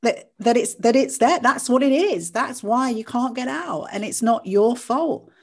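A woman's voice: a little high, animated, measured pace. A woman hosting a casual chat, speaking in a supportive, reassuring way.

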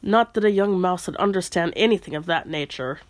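Woman, lowish voice, casual chat, retelling a story, relaxed asides. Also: a little fast. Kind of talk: casual chat, reading a book aloud.

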